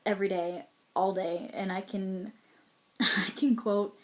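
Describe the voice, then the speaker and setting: A young woman chatting casually to camera, answering profile questions in a candid, rambling way with frequent ums and little laughs. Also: medium pitch.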